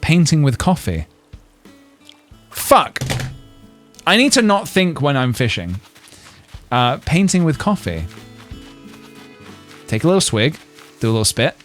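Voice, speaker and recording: A man in the middle of a casual game stream, jokey and rambling as he chats with viewers. His pitch rises and falls a lot. Faint music plays underneath his voice. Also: big pitch swings, unhurried, long pauses, a bit bright. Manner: playful, jokey, rambling with frequent laughs and fillers. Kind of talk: casual gameplay livestream chat.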